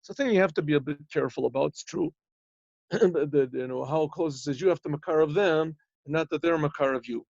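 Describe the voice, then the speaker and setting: Man teaching a Torah lesson, slightly higher voice. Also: brisk, vocal fry, darkish tone, dry recording, muffled recording. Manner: explains in plain talk, translating Hebrew phrases as he goes; retells stories with small acted dialogue. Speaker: rabbi teaching a yeshiva class. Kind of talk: Torah lesson over a video call.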